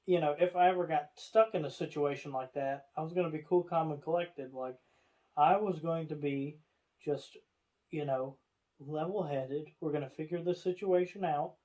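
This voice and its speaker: A man with a lilt spins a story for his podcast co-host. His voice sits a little high, and he keeps the telling loose and casual, jumping into the voices of the people he describes. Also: moderate pace, lo-fi sound. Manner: animated storyteller, acts out others' lines.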